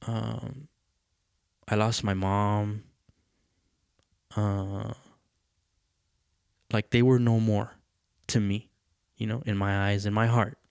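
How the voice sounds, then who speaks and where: A man's voice: on the low side, a little mellow, clean tone, dry recording, clean studio sound. A man hosting a podcast, telling a personal story in a candid, rambling way, full of fillers and swearing. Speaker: podcast host.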